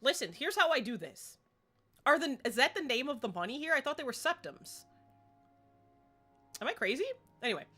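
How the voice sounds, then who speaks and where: A woman's voice: high voice, sing-song, moderate pace, long pauses, sharp tone, husky, faint music behind. A woman chatting casually while streaming a game, rambling and laughing often. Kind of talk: casual live-stream gaming chat.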